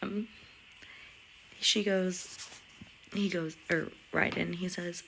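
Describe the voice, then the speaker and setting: A woman giving a hushed, giddy book update from a dark room, often dropping into a whisper. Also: on the low side, steady tone, slow, vocal fry, long pauses, a little hiss or hum. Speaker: book vlogger. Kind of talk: casual chat.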